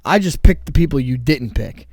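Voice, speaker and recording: A man co-hosting a podcast, talking in an animated, insistent way, repeating himself as he argues his point. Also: mid-range voice, normal speed, no room sound, studio quality. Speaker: podcast co-host. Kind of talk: casual podcast chat. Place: podcast room.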